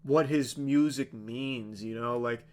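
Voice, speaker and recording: Live-streaming a sarcastic, casual movie recap, a man rambles in a slow, medium-pitched voice, leaning heavily on "like" and swearing freely.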